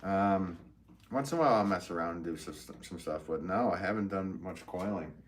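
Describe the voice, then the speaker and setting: A man with a very deep voice chats loosely to his live-stream audience as he throws pots in his studio. He rambles and asks viewers questions, with a faint hum of room noise behind him. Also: fairly quick. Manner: rambling and chatty, talks to viewers directly. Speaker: potter hosting a live stream. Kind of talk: casual live-stream chat while working at the wheel. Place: pottery studio at the wheel.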